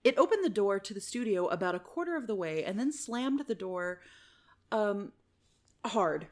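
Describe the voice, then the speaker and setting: A woman's voice: medium pitch, expressive, normal speed, darkish tone. A woman co-hosting a podcast, reading a listener's story aloud and chatting casually, swearing and laughing often. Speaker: podcast co-host.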